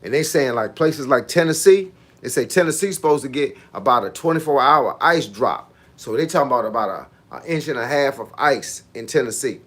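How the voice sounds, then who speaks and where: A man's voice: mid-range voice, lively intonation, brisk, a bit bright. A man, a fitness coach chatting casually with viewers on a livestream in laid-back, slangy banter. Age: 50s.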